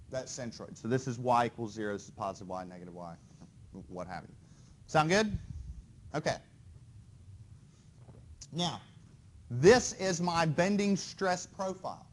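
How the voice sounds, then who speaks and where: A man's voice: fairly high pitch, slight background noise. Chatty male engineering lecturer. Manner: conversational, checks in often with the class. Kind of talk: classroom lecture. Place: lecture hall.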